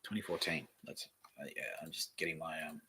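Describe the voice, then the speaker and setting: A man hosting a casual solo podcast, reading aloud from the web and thinking out loud in a rambling way, with the odd swear. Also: extremely low pitch, fairly even intonation, brisk, a little hiss or hum. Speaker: podcast host.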